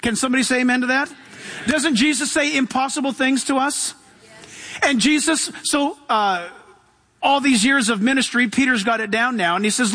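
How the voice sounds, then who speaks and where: Preaching as a pastor, a man speaks in an extremely high, fairly quick voice that sounds pushed and bright. He reads scripture aloud, then preaches with call-outs to the congregation, all under long hall reverb.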